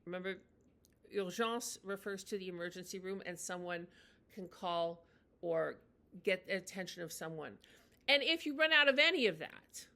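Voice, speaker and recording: A woman teaching in a chatty, unscripted way, with many fillers and restarts, slowing down to model phrases. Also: on the low side, lively intonation, vocal fry, pushed and bright. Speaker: language teacher. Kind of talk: casual spoken lesson.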